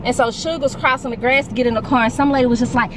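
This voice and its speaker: A woman in her early forties telling a casual storytime vlog, candid and animated, quick to vent. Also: fairly high pitch, heavy background noise. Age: 40s. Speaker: vlogger.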